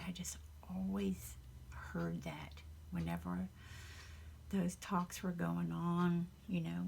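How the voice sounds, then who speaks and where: A woman from the Southern United States with a Southern accent, chatting casually in a soft, half-whispered, rambling and earnest way in her home craft room. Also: fairly low pitch, gravelly, slight background noise. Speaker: craft channel host. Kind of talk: casual chat.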